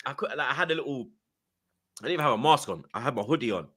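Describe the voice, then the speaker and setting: Animated man telling a story. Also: medium pitch, very fast. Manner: London slang, acts out quoted lines, excitable. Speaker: podcast guest.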